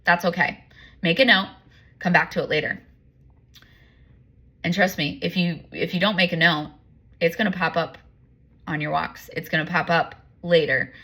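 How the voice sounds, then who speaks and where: A woman with a lowish pitch and a bright, forceful tone talks straight to the listener. She rambles earnestly through personal stories, long-winded and confessional, in the manner of a coach sharing lessons. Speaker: empowerment coach. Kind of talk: candid personal monologue.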